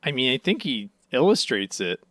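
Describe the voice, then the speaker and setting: Excitable man riffing on a podcast. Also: medium pitch, moderate pace, dry recording. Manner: enthusiastic, silly riffs, laughs often. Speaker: podcast co-host. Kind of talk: casual chat.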